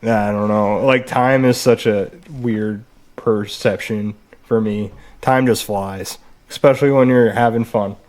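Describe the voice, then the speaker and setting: A man's voice: fairly low pitch, fairly even intonation, a little slow, darkish tone. A man co-hosting a podcast in casual chat, laid-back and giving short answers.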